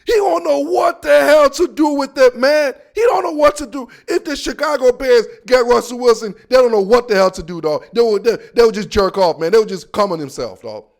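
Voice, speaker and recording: Loud mocking man with gravelly high voice. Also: fairly quick, hardly any pauses. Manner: loud, rowdy, mocking, slangy. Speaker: sports podcast host. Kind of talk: animated sports rant. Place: near a team facility in the Seattle area.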